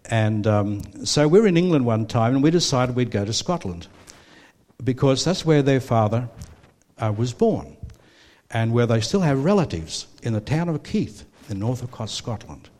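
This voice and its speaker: An older Australian man preaches a sermon and tells personal stories, rambling with plenty of fillers and restarts. His medium-pitched voice is darkish, with lively intonation and a moderate pace.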